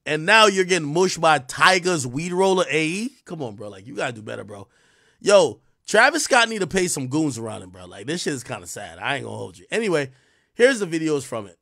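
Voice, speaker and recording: A man's voice: on the high side, sing-song, brisk, creaky, bright, forceful tone. A man hosting a live stream, giving casual, rambling commentary full of profanity and trash talk. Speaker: livestream host.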